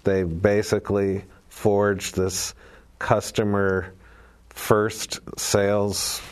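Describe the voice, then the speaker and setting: Man with a low voice; dry, wry panelist. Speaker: car show panelist. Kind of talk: casual podcast chat.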